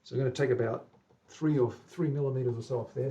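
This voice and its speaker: A man's voice: mid-range voice, very fast, dark tone, slight background noise. A man with an Australian accent, a guitar maker chatting to himself and his viewers as he works in a workshop, muttering under his breath with asides to the audience. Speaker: guitar maker live-streaming a build. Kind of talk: casual live-stream narration while working. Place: woodworking workshop. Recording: distant voice in a workshop.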